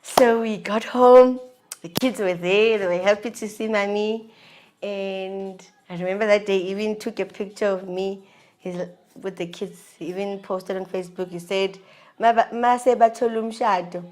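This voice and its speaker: A woman telling her own story in an animated, emotional way, acting out the dialogue. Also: medium pitch, moderate pace. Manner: animated, emotional retelling with acted-out dialogue and laughs. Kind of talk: personal storytelling.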